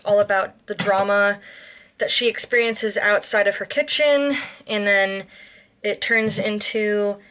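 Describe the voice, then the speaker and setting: American woman vlogging while she cooks, chatty and rambly, lots of ums, middle pitch. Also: a bit bright. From United States. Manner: rambling, chatty, with frequent ums and self-corrections. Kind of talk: casual cooking vlog chat.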